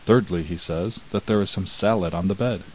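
Sly clever peasant in a fairy tale, read by a man, calm, knowing, deep voice. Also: a little fast, slight background noise, lightly acted, rough recording.

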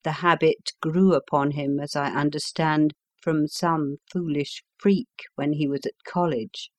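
Brief: woman audiobook narrator, deep for a woman, slow and measured, dry close recording. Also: steady tone, dry recording. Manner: measured, unhurried storytelling. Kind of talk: scripted narration of a classic story.

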